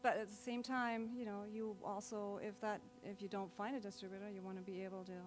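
A woman's voice: medium pitch, flat delivery, brisk, a little hiss or hum. A woman on a discussion panel, asking questions and searching for words.

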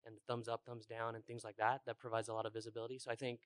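A man on a panel offering suggestions in an even manner. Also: mid-range voice, racing, smooth, dry recording. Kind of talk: conference panel discussion.

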